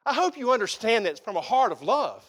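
Man, pastor, high-pitched voice, folksy emphatic sermon. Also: big pitch swings, fairly quick, fairly bright tone. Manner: folksy, emphatic preaching with rising exclamations.

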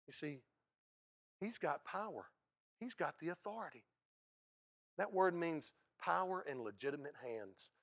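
Animated man preaching a sermon. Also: measured pace, long pauses, no room sound, clean studio sound. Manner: preaching with sudden loud, high bursts and hushed low stretches. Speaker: pastor.

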